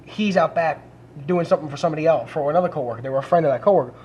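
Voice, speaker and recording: Slightly high and breathy, the man's voice races along, and the recording's upper frequencies are cut off. As a podcast co-host, he spins a profane, lively anecdote, impersonating the people he describes.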